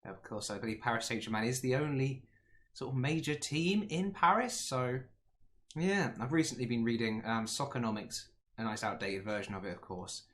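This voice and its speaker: A young man commentating casually on a football management game, chatty and rambling, his voice a little hoarse. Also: medium pitch, normal speed, a bit bright. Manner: chatty, rambling, with frequent ums and asides. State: slightly hoarse, losing his voice. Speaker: gaming YouTuber.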